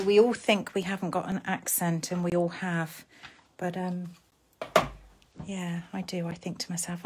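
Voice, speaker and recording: An English woman talks her way through a papercraft project at a slow, easy pace. She chats to viewers and mutters to herself as she works. A faint hiss of noise sits under her voice. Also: fairly low pitch, flat delivery. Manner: chatty, talks to herself while working, drops to soft murmurs. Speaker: papercraft host. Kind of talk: casual live-stream crafting chat.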